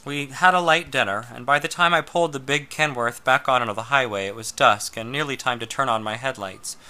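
A man reading a first-person story aloud in a slow, measured way, sometimes dropping to a hush. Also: medium pitch. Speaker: narrator.

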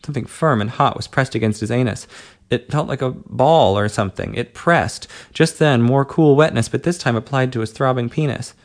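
A man with a mid-range voice narrates a story aloud. His reading is steady and measured, in an audiobook manner. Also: medium pitch.

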